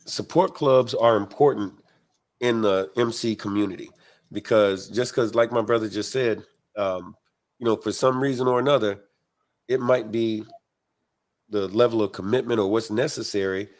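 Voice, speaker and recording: American biker dude hosting a livestream, loose slangy chat, lowish voice. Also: male voice. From United States. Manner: laid-back slang-heavy talk. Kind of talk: casual chat, reading viewer comments.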